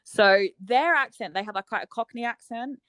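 A young Australian woman co-hosting a podcast, talking in quick, animated and self-mocking casual chat. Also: a little high, no room sound. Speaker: podcast co-host.

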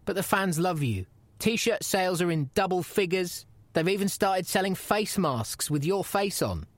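A man's voice: sits high, lively intonation, unhurried, no room sound. An actor playing an earnest, pushy male podcast interviewer who nags and pleads in a comedy audio drama. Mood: pleading. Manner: pleading and nagging, rising to frantic shouts. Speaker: podcast host character.

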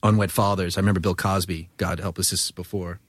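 A man's voice: sits low, little pitch movement, fairly quick, a little hiss or hum. A man in a band chatting casually, swearing a lot while telling road stories. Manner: profane, storytelling. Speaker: band member. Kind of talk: casual chat.

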